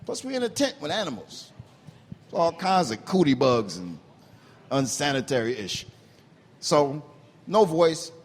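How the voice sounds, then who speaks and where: A man, a comedian, telling an animated story on a radio talk show, laughing often, his voice worn and rough. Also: on the high side, unhurried, pauses often, in a large hall. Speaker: comedian guest.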